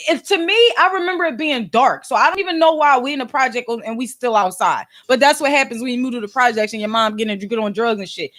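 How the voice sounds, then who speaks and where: A woman in her thirties with a Philadelphia accent, casually telling a story straight to her viewers in animated, slangy talk. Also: high-pitched. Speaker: podcast and video host.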